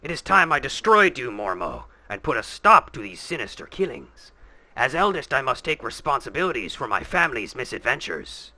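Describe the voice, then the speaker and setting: A man voicing a gloomy eldest brother in a slow, mopey drawl. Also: medium pitch, big pitch swings, bright, forceful tone, no echo, heavily acted. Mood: solemn.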